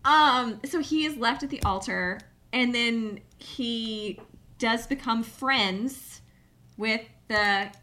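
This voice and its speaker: Slow, bright-voiced woman retelling a story. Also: a little high. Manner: drawn-out, filler-heavy retelling. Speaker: podcast co-host. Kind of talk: casual storytelling chat.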